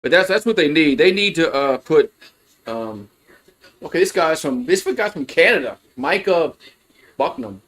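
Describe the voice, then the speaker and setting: A man's voice: fairly high pitch, lively intonation, moderate pace, a bit bright. A man giving casual, rambling play-by-play of a college baseball game on a livestream, full of fillers and restarts. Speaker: fan play-by-play host.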